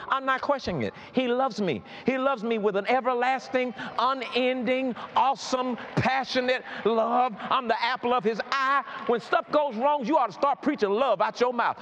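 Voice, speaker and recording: A man preaching a sermon, emphatic and repetitive, building up to shouts. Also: very high-pitched, fairly quick, hardly any pauses, muffled recording, slight background noise. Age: adult.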